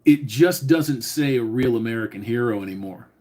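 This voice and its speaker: A man in his forties chats on his own live stream in a loose, rambling way. He swears freely and greets viewers by their chat names between his thoughts. His pitch is ordinary for a man. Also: normal speed, a little mellow, a little hiss or hum. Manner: profane, rambling, reads chat names aloud. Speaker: livestream host.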